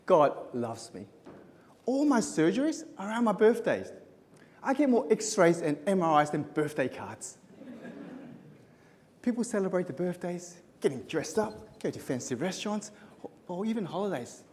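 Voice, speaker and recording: A man delivers a humorous speech from a conference stage. His punchy, self-mocking lines bounce all over his pitch range. His voice rings through a large echoey hall. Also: very animated, moderate pace, darkish tone, slight background noise. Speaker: contest speaker.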